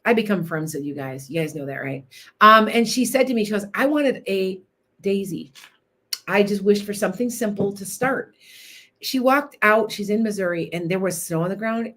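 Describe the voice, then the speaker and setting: With a medium-pitched, slightly bright voice, an older woman runs a live stream and chats casually. She rambles and keeps cutting into her own sentences.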